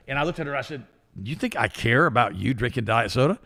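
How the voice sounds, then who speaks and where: Older guy co-hosting, gravelly and bright, talks fast and swings his pitch all over telling stories. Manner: animated, acts out quoted people in his stories. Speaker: co-host. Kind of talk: casual storytelling chat.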